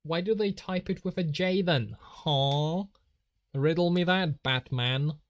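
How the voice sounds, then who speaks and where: A man's voice: on the high side, slow pace, no room sound, highs cut off. Giggly young man with a Polish accent. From Poland. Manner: giggly, laughs often, reads out chat. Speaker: streamer. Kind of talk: casual live-stream chat while drawing.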